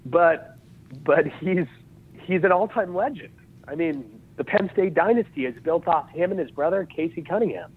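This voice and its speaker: A man's voice: a little high, moderate pace, slightly rough. A man in his thirties from Utah, a podcast guest telling stories in casual conversation, acting out dialogue and laughing often. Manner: lively storyteller who acts out dialogue and laughs often. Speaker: podcast guest, jiu-jitsu and wrestling coach. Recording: tinny phone-like line.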